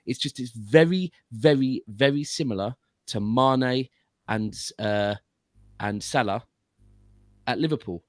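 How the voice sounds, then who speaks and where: A man's voice: medium pitch, takes it slowly, long pauses, no room sound. A man as a guest pundit giving casual football analysis, explaining at length with frequent restarts. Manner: explanatory, long runs of reasoning with restarts.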